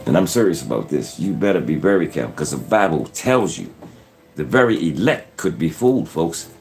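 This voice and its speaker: Deep-voiced male channel host, earnest warnings, repeats himself a lot. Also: very animated, brisk, a little mellow. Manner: earnest, repetitive, keeps saying "folks". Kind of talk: casual preachy commentary.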